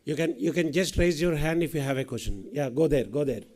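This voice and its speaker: A man's voice: on the high side, animated, brisk, darkish tone. A man, moderating a question session and directing the audience. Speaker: event moderator.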